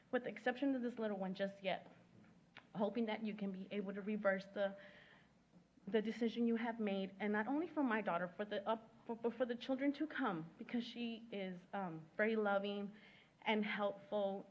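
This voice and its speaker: A woman speaking as a parent at a school board meeting, emotional and halting, with many pauses and restarts, into a podium microphone. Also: medium pitch. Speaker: parent giving public comment. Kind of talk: prepared public comment at a meeting. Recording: muffled lo-fi meeting audio.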